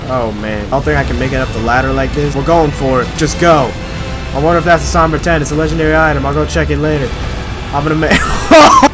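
A young man giving casual gameplay commentary, joking and exasperated as he talks to himself. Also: medium pitch. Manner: joking, exasperated self-talk. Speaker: gaming video creator. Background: loud game music.

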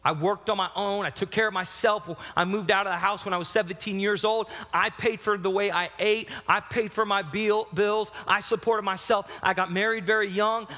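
A man preaching a sermon as pastor, telling a personal story with lively shifts from loud, excited bursts to quiet, reflective passages. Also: sits high, a little fast, few pauses, big-room sound.

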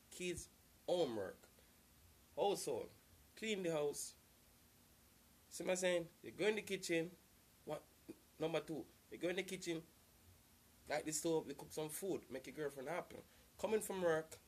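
A man giving casual relationship advice to the camera, earnest and repetitive, circling back to the same points. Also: on the high side.

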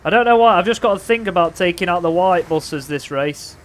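High-voiced excitable gamer. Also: male voice, brisk. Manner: playful, excitable trash talk, bursts of shouting. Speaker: gaming commentator. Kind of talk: casual gameplay commentary.

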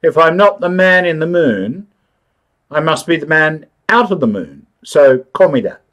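A man's voice: a little high, expressive, measured pace, fairly bright tone, voice pushed up. A man voicing a naive, polite man who has come down from the moon, in a storybook reading, raising his voice for the part. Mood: earnest. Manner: polite, earnest, easily startled.

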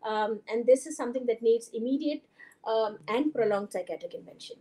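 A woman's voice: fairly high pitch, brisk, dark tone. A woman doctor from India with an Indian English accent, giving a conversational conference talk with many fillers and some Hindi phrases. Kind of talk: lecture presentation. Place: conference hall.

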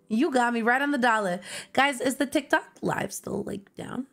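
A young woman streaming, chatting casually and playfully while running a party game with friends, loud and excitable. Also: on the high side, moderate pace, vocal fry.

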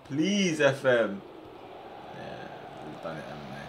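A young man commentating on his football management game, getting excited and shouting at his players on screen. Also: fairly low pitch, slow pace, a little hiss or hum. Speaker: gaming streamer.

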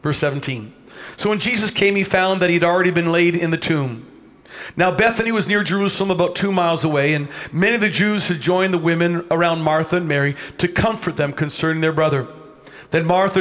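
A middle-aged man preaching a sermon in church, animated, often rising to a shout and acting out the people in his story. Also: sits high. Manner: animated, swings to shouting, acts out voices. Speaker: pastor.

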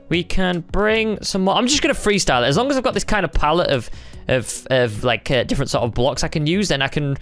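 A young man chatting excitably as he narrates a timed building game, thinking aloud in a casual commentary style. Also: medium pitch. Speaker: gaming YouTuber.

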